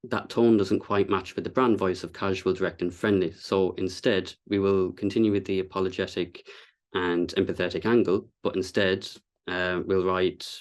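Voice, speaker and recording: Man, low voice, casual meetup speaker, explanatory, loose with fillers. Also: flat delivery, normal speed. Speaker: content designer giving a talk. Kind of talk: presentation to a meetup audience.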